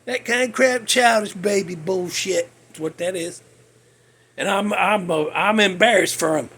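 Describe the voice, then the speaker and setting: Guy in his 60s, high voice with lots of gravel, ranting blunt and folksy on his podcast. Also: a little slow, a bit bright. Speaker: podcast host. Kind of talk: casual monologue.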